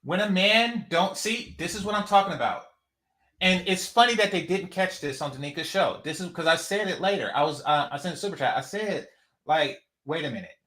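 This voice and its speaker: A man's voice: high-pitched, lively intonation, fairly quick, bright, forceful tone, echoey room. A man hosting a reaction commentary on a clip, talking in an incredulous, sarcastic and emphatic way. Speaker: commentary channel host.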